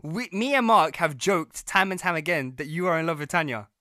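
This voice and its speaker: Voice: medium pitch, lively intonation, a little fast, bright, forceful tone, no room sound, clean studio sound. A young podcast host opening the episode and leading the casual chat.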